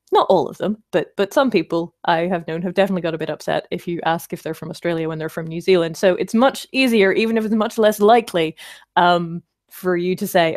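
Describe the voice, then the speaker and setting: A woman's voice: lowish voice, a little mellow. A woman hosting a casual livestream, chatting and rambling as she answers viewer comments, with wry self-deprecating asides.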